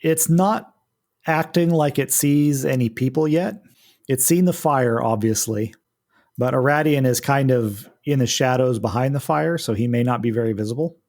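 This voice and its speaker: A man's voice: mid-range voice, moderate pace, a little mellow. A man running a tabletop game as game master, patiently walking the players through rules and turns. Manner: patient, explains rules step by step.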